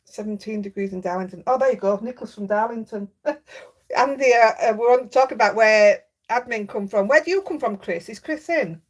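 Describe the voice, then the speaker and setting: Yorkshire lady chatting on her craft live, higher voice, reads out comments. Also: brisk. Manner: chatty, reads out viewer comments, laughs easily. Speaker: craft livestream host. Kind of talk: casual live chat.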